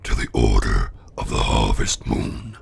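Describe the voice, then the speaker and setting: A sinister cult leader greets new initiates in a voice dropped to the very bottom, gravelly and husky. The words come slowly, and the voice sounds distant and muffled. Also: male voice, full character voice. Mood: ominous. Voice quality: very deep gravelly drawl. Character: deep sinister male cult leader intro voice.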